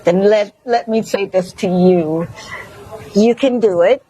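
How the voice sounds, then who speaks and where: A woman's voice: mid-range voice, takes it slowly, mellow, husky, poor audio. A woman with a Mississippi accent hosting a talk show, effusive and preachy as she gushes praise and encouragement. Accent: Southern US, Mississippi. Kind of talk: emotional, encouraging chat show closing.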